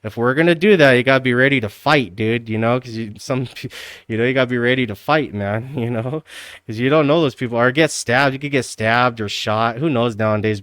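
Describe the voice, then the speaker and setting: A man's voice: medium pitch, fairly bright tone, clean tone, no echo, studio quality. A man livestreaming, chatting casually and rambling, swearing a lot and calling everyone "dude". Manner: rambling, profane, says "dude" constantly.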